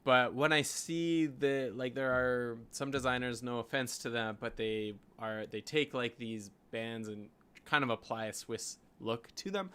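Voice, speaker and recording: Canadian man, graphic designer, casual screen-share vlog, thinking out loud, rambling. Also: medium pitch, unhurried, smooth. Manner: thinking aloud, rambling with frequent "like" and "you know".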